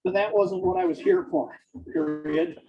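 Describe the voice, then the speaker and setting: A man dictating fiction aloud, speaking each punctuation mark in a slow, deliberate way. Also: high voice, big pitch swings, gravelly, muffled recording. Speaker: author dictating a novel.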